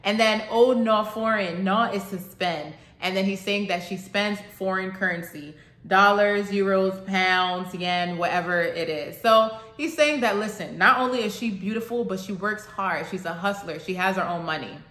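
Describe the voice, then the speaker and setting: A woman's voice: medium pitch, moderate pace, hardly any pauses, fairly bright tone, reverberant. A woman casually explaining song lyrics to her channel's viewers, chatty and thinking aloud as she goes.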